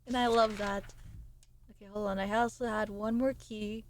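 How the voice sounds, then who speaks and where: A woman's voice: mid-range voice, steady tone, normal speed, noisy background. A young woman streaming a game, chatting and giggling with her viewers as she plays. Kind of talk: casual live game-stream chat.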